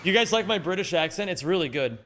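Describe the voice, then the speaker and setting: A man's voice: high voice, animated, quick pace, fairly bright tone, a little hiss or hum. A man streaming a speedrun in casual chat, joking and mocking himself as he reads and answers viewers' messages.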